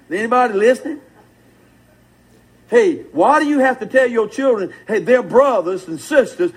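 A man's voice: high-pitched, expressive, moderate pace, slightly rough, poor audio. An older man preaching a sermon in a fervent, folksy way, calling out to the congregation.

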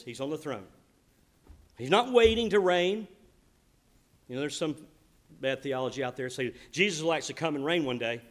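A male pastor delivers a sermon in a slightly raised voice. He preaches earnestly, dropping to quiet reflective passages and then swelling into emphatic declarations. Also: a little high. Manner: earnest, emphatic preaching with swings from soft to loud.

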